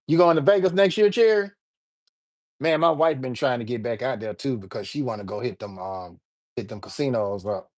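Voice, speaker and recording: Animated man chatting on a livestream. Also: mid-range voice. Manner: animated, repetitive, jokey, addresses viewers directly. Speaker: livestream host. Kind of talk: casual livestream chat.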